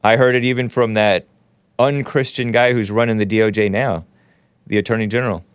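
A man's voice: on the low side, fairly even intonation, a little fast, clean tone, dry recording. A man hosting a live talk show, rambling and sarcastic, reading aloud and joking with his chat. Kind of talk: casual live-stream commentary.

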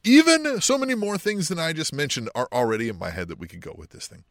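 High, lively male podcast co-host. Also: fast talker, dry recording, clean studio sound. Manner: enthusiastic, profane, riffing on ideas. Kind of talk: casual chat.

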